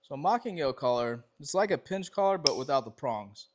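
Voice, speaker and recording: Relaxed, rambling man teaching dog obedience. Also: mid-range voice, a little fast, background noise. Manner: relaxed, rambling explanations with restarts and fillers. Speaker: dog trainer. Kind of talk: casual training demonstration.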